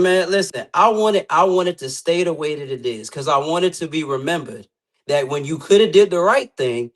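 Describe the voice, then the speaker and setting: Brief: male guest with a very high voice, cocky smack talk, podcast banter. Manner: boastful, trash-talking. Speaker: guest competitor.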